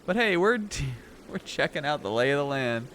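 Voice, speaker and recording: A young man casually commenting on a game he is streaming, rambling with lots of fillers and laughing asides, reacting excitedly to what happens on screen. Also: a little high, normal speed, slight background noise.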